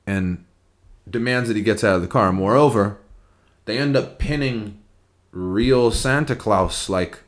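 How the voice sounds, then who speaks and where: Low-voiced man telling a rambling story. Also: measured pace. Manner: rambling, profane storytelling with many fillers. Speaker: podcast co-host. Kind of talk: casual comedic chat.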